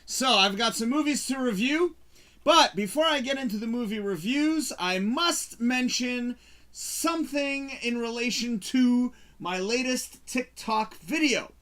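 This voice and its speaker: A man hosting a casual talk show, chatting about movies in an animated, rambling way. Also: extremely high pitch, a little slow. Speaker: show host reviewing movies.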